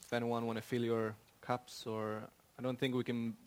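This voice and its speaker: Man, event host, mid-pitched voice, brief practical announcements. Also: level tone, moderate pace, darkish tone. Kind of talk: hosting a live conversation.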